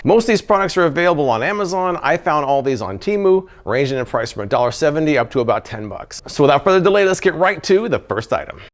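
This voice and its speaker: Lively, animated male product reviewer. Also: fairly high pitch. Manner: animated, often exasperated, chuckling at failures. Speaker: product reviewer, channel host. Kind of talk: casual product-testing vlog.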